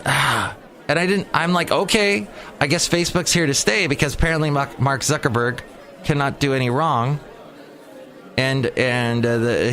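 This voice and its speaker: In a small hot room, a podcast host in his forties rambles through a casual solo monologue, joking and wandering into asides. His voice is mid-range with a fairly bright tone.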